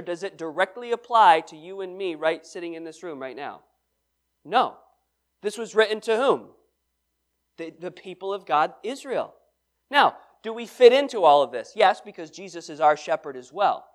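A man's voice: high voice, animated, moderate pace. A man leading a Bible study sermon, reading scripture aloud and explaining it with questions to the room. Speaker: pastor.

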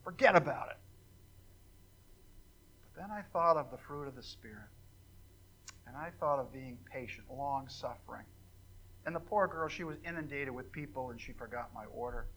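A man's voice: mid-range voice, moderate pace, pauses often, a bit bright, rough recording. An older man preaching an informal sermon to a congregation, telling folksy stories with joking asides and plenty of fillers. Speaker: pastor.

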